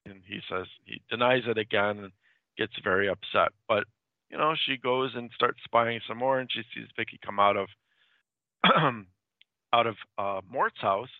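Gravelly man on a tinny line. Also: fairly low pitch, dry recording. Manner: halting, with frequent restarts and repeated words. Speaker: host retelling old film plots. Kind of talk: casual chat. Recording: dry, tinny phone-like sound.

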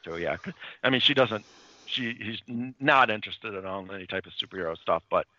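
A man's voice: fairly low pitch, brisk, bright, forceful tone, no echo, dull audio. A man retelling a comic's plot in a casual chat, rambling with many fillers and restarts. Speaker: comics podcast co-host.

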